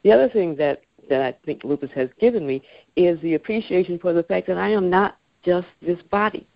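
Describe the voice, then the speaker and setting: A woman in her sixties talks calmly and earnestly as a radio guest, her voice low and gravelly. The sound is dry and a little dull, like lo-fi radio. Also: a little fast, dry recording. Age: 60s. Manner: calm, reflective, earnest. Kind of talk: radio interview.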